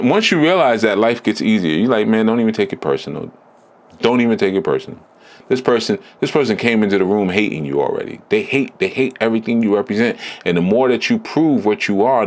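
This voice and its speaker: A man giving a blunt, emphatic spiritual teaching talk in a deliberate, preaching manner. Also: lowish voice. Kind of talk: preaching lecture.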